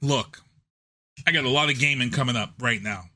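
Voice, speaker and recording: A man's voice: medium pitch, moderate pace, bright, forceful tone. A man hosting his live podcast in a home studio on a desk microphone, chatty and loose, often repeating himself. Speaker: podcast host. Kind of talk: casual live show talk. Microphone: desk USB microphone.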